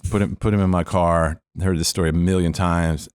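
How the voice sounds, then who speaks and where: Speaking in a low, smooth voice at a brisk pace, a former police officer in middle age gives a faith testimony as a podcast guest. He's an animated storyteller who voices each character he quotes, in studio-quality audio without echo.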